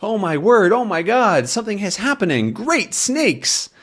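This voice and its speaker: A man voicing a brave, excitable young reporter from a comic, in a raised, exclamatory voice. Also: very slow, breathy edge, exaggerated voice. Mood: astonished. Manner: high and exclamatory.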